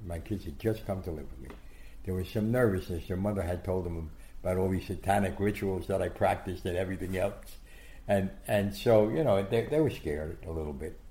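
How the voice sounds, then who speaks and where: An older man spins anecdotes as an interview guest, acting out what people said. His voice sits low and gravelly. The room around him is roomy and echoing. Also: brisk. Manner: animated, acts out quotes, many restarts. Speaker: guest storyteller. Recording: echoey room.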